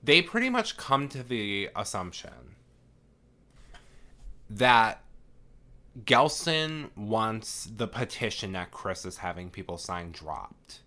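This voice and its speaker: A man's voice: fairly low pitch, very animated, takes it slowly, long pauses, pushed and bright. A man hosting a podcast, retelling a film in a casual, profane chat full of "like" and "um". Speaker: podcast host.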